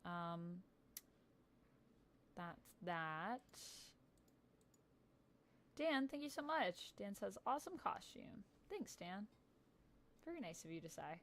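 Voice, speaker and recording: A woman's voice: on the low side, big pitch swings, takes it slowly, long pauses, slight background noise. A woman in her thirties chatting casually on a livestream, upbeat and reading out viewer messages. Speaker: streamer.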